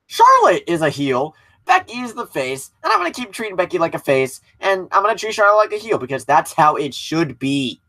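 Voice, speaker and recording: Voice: mid-range voice, wildly swooping pitch, normal speed, pushed and bright. A wrestling show commentator giving a casual recap and opinion, passionate and blunt, with some swearing.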